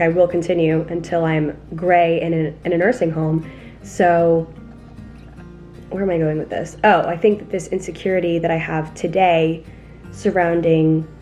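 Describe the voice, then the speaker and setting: A woman's voice: fairly low pitch, warm tone. A young woman vlogging in a casual, candid and self-deprecating way, rambling through her thoughts at home. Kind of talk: casual confessional vlog talk. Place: apartment in the city.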